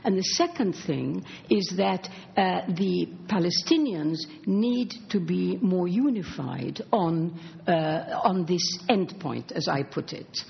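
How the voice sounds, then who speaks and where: A woman speaking as a panel speaker, answering in an earnest, halting way with fillers. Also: lowish voice, expressive, gravelly. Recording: dull lo-fi recording with faint noise.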